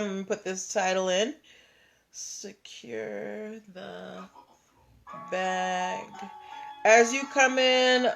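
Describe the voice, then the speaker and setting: A woman hosting a relaxed livestream, speaking at an unhurried, easy pace in a mid-range voice. She chats warmly with her audience and greets viewers by name as they join. Faint music plays softly behind her. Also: mid-range voice. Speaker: livestream host. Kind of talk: casual livestream chat.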